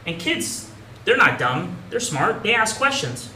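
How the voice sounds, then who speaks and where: A man's voice: high voice, big pitch swings, unhurried, distant mic. Young man doing stand-up in an echoey club. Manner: casual, rambling, self-mocking delivery. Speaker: stand-up comedian. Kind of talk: stand-up comedy set. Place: comedy club stage. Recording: echoey club room from afar, audience noise. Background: audience laughter.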